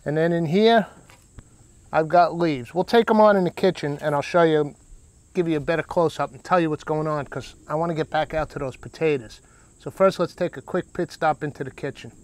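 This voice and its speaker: Rambling middle-aged storyteller, dry sound. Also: male voice, on the high side, brisk, no room sound. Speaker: cooking vlog host. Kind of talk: casual storytelling chat.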